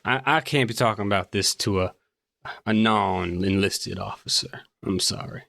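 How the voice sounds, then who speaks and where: A man playing a bored guard on a train, lower-voiced than most men, keeps his words tight and guarded. He speaks in a tabletop role-play, in an everyday voice with little put on. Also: moderate pace, creaky, fairly bright tone, no echo. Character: bored armed male train guard, cagey.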